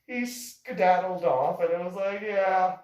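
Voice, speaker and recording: In an unhurried, lowish voice, a woman recounts something from her own life as a relaxed monologue. She's lively and laughs a lot, though her tone goes stern and scolding when she repeats her own words, and the mic sits far off in an echoing room.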